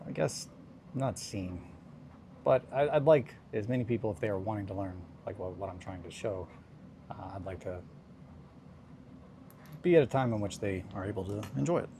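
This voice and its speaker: A man's voice: lowish voice, animated, moderate pace, long pauses, mellow, a little hiss or hum. A man hosting a casual hobby livestream, chatting in a rambling, self-deprecating way and laughing often while he works. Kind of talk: casual chat while crafting.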